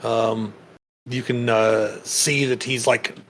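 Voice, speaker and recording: A man narrating as game master in a tabletop game, describing scenes in a halting way with frequent pauses to search for words. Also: medium pitch, level tone, a little hiss or hum. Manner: halting, many fillers and restarts while describing the scene.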